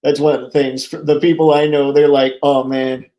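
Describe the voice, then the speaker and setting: An upbeat man with a slightly high voice hosts a casual live stream and chats with viewers. His talk is jokey and chatty. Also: little pitch movement, brisk, dark tone. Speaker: host of a toy collecting live stream.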